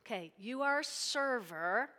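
A woman delivering a sermon with a chatty, joking manner, slipping into little acted-out scenes. Her voice sits a bit high and rings bright. The sound trails off in the long reverb of a big church sanctuary. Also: animated, unhurried. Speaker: preacher. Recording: long reverb of a large hall.

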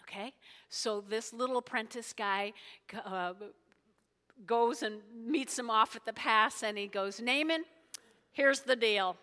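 Woman pastor, lively storyteller with asides, bright high voice, echoey hall. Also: measured pace. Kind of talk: sermon, retelling a Bible story.

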